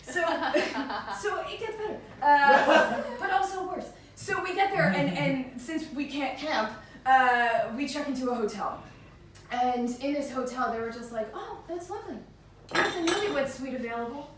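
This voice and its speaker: A woman's voice: high voice, measured pace, slight background noise. A woman performing live stand-up in a bar venue, telling a story, swearing freely and laughing through her punchlines. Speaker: stand-up comedian. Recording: echoey room recorded from a distance.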